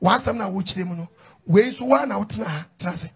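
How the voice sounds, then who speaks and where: A man preaching emphatically in a sing-song cadence, often shouting as a reader answers him. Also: high-pitched, fast talker, gravelly, slightly rough. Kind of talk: preaching with call-and-response.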